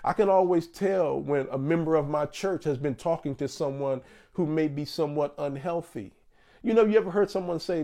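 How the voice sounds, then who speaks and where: A man in his fifties preaching a sermon as a guest pastor, with emphatic swings and slow stressed phrases. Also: a little high, dark tone. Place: church.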